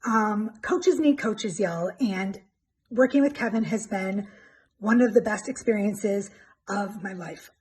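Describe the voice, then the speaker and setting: A woman's voice: mid-range voice, slow, a little mellow. A woman giving a heartfelt, tearful testimonial about her coach. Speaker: podcaster giving a client testimonial. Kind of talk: emotional testimonial.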